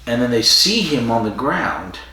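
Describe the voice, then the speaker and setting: A man's voice: medium pitch, sing-song, normal speed, pushed and bright. A man co-hosting a casual podcast, recapping the plot of an episode with plenty of fillers and restarts. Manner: rambling, with frequent fillers and restarts. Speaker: podcast co-host. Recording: roomy and distant from the mic.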